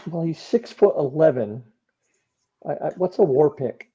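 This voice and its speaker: A man's voice: on the high side, lively intonation, measured pace, mellow, slightly rough. Dry-witted man, dull lo-fi audio. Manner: dry, teasing remarks. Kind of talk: casual tabletop game chat.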